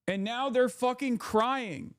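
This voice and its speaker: A man with a very high, slightly bright voice speaks slowly while ranting as a political commentator on a casual livestream, heated, sarcastic and full of profanity. The sound is dry and studio quality.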